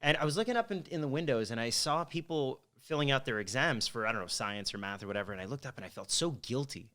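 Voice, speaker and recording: A man's voice: medium pitch, lively intonation, fast, sharp tone. A man in his thirties from Quebec, a guest telling his story in a rambling, candid way and swearing freely. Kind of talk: casual storytelling interview.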